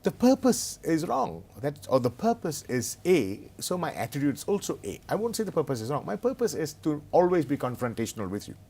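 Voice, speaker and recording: A man's voice: on the high side, very animated, brisk, hardly any pauses, dark tone, husky. A middle-aged man, a consultant telling humorous, self-mocking anecdotes in a conversational interview. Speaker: business consultant and author as guest.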